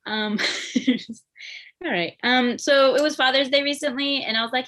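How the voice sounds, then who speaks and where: A young woman tells stand-up jokes in a bright, lightly high voice. She stumbles through ums and giggles at her own lines as she goes. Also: moderate pace. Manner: hesitant, laughs between jokes, many ums. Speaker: stand-up comic. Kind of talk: stand-up comedy set. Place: comedy show stream.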